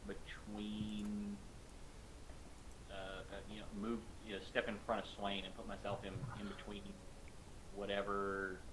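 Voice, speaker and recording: A man playing a druid in a tabletop game, measured and thinking aloud as he goes. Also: lowish voice, monotone. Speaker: player, druid. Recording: clear background hum.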